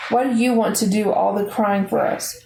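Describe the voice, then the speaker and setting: A woman voicing a bossy teenage girl who takes charge, speaking brisk and matter-of-fact. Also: medium pitch, steady tone, gravelly, darkish tone, echoey room, natural voice, low-quality recording. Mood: blunt.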